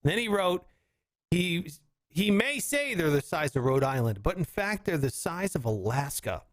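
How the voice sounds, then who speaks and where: A man's voice: fairly high pitch, sing-song, normal speed, no echo. A man with a Southern drawl hosting a comedy podcast, chatting casually and slipping into silly voices and bits. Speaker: podcast host.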